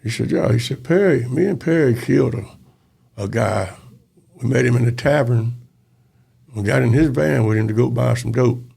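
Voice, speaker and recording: A man's voice: medium pitch, moderate pace, dark tone. An older man, a former police officer telling a story in a casual interview, acting out the dialogue. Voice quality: gravelly. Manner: folksy, acts out dialogue in quoted voices.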